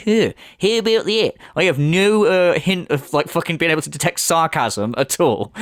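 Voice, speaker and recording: Sarcastic man, lively mocking voice. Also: mid-range voice, brisk, hardly any pauses, dry recording, clean studio sound. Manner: sarcastic, swears heavily, mocks in put-on voices. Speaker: commentary video host. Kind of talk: sarcastic commentary rant.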